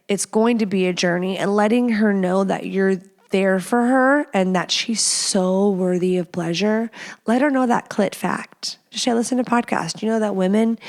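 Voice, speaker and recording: A woman's voice: medium pitch, a little mellow. Chatty, playful woman podcast host. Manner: chatty, playful, lots of fillers. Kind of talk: casual advice chat.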